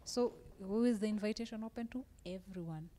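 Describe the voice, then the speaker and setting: 聖書を熱く引用する女性. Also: female voice, mid-range voice, fairly quick, big-room sound. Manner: animated, quotes scripture with emphasis. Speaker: panelist. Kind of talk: casual Christian discussion.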